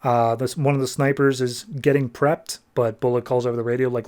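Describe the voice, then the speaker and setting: A man on a podcast talks through a comic issue in a relaxed, conversational way. His pitch sits in the middle for a man. Now and then he slips into quick put-on voices for the characters. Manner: retells scenes, briefly voicing characters. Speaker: podcast host. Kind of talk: casual comic recap.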